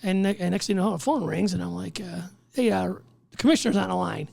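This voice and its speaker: A man, a firefighter guest, telling his story in casual podcast chat, animated and swearing as he acts out what others said. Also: high-pitched, fast talker, vocal fry. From Chicago.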